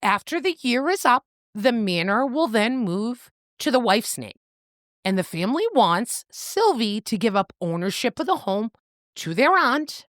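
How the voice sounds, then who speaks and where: A woman's voice: mid-range voice, no room sound, studio quality. A woman co-hosting a casual book-club podcast, retelling the plot with acted-out quotes and a bit of swearing. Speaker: podcast co-host.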